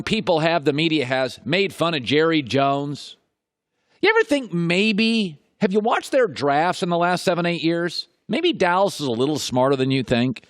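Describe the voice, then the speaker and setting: A man's voice: high-pitched, fairly bright tone, dry recording, studio quality. A middle-aged man hosting a sports talk show, delivering an opinionated monologue full of rhetorical questions and repeated points for emphasis.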